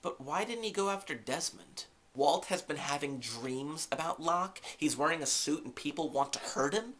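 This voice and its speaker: A man hosting a podcast, giving a casual recap of a TV episode with lively, jokey asides and rhetorical questions. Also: fairly high pitch, moderate pace, hardly any pauses. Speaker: podcast host.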